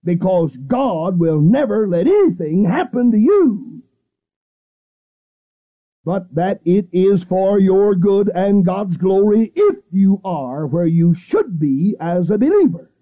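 A middle-aged man preaching a radio sermon, fervent and repetitive, with emphatic pauses, seated at a studio microphone. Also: high voice, very animated, phone-quality sound. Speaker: radio evangelist.

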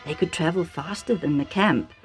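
A woman narrating a storybook for children, chatty and warm, with asides to the listener. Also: lowish voice, normal speed, faint music behind.

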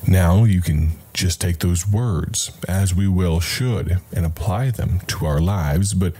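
A man's voice: low voice, mellow, breathy edge. A man hosting a radio Bible program, giving a reflective devotional sermon in a conversational way, calling the listener his friend. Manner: slow, deliberate, reflective delivery with pauses.

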